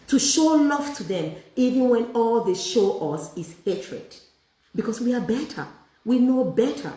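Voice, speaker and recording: A woman's voice: medium pitch, warm tone, a little hiss or hum. A woman leading a faith group with sermon-style teaching. She fires rhetorical questions at her listeners and draws answers back from them. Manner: rhetorical questions and call-and-response. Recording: echoey room, voice far from the mic.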